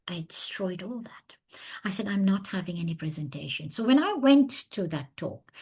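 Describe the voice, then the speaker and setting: A woman living in South Africa, though originally from overseas, presents a webinar lecture on a video call. Her voice is medium-pitched and slightly rough. She talks with earnest emphasis and tells her story in a very animated way.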